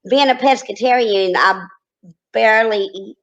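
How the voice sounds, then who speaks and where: Texas woman guest, gravelly fry in her voice, laid-back and chatty. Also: on the high side, unhurried, a bit bright, rough recording. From Corsicana, Texas. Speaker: guest, reality TV personality. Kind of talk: casual interview chat.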